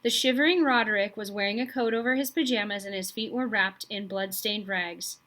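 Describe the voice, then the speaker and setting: Bright-voiced woman reading to children. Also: medium pitch, fairly quick. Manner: friendly, addresses children directly. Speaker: children's storybook reader. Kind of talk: reading a children's novel aloud.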